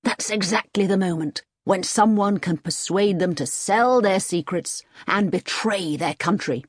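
A woman voicing an agitated male army colonel in an audiobook reading, loud and urgent. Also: mid-range voice, a little slow, dry recording, studio quality, lightly acted.

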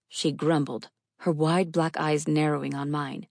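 A woman narrating a first-person novel in a measured, wry storytelling manner. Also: low-pitched, flat delivery, gravelly, darkish tone, no echo, studio quality. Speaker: audiobook narrator.

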